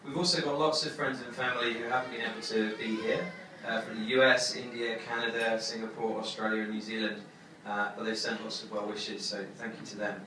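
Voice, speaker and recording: A young man giving his wedding toast as the groom, halting with many fillers and fighting back tears. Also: fairly low pitch, flat delivery. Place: wedding reception hall. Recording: echoey hall from far off, crowd noise.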